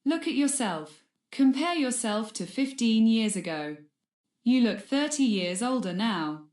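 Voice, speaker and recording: A woman voicing an angry wizard professor in a fan audiobook, shrill and accusing. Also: expressive, measured pace, a little mellow. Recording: roomy echo.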